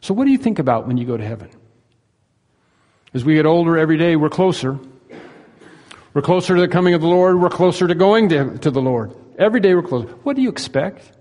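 A man's voice: on the high side, expressive, brisk, long pauses, a little mellow, big-room sound. A male pastor preaching a sermon in an earnest, emphatic way, asking his listeners rhetorical questions.

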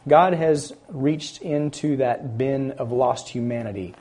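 A man preaching a sermon, building loud on key words and dropping quiet at the ends of phrases, stressing scripture slowly. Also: mid-range voice. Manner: slow, deliberate emphasis on scripture phrases.

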